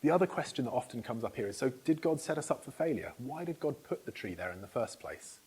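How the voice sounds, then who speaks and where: Husky-voiced man preaching a sermon. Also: mid-range voice, sing-song, quick pace, darkish tone. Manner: conversational, asks the congregation questions, restarts phrases. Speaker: pastor. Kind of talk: interactive sermon. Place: church hall.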